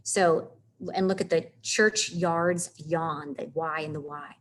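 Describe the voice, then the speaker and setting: A woman teaching a casual literature lesson, chatty and animated, stopping to read lines of verse aloud with heavy stresses. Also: deep voice, unhurried, slight background noise. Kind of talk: casual classroom lecture on literature.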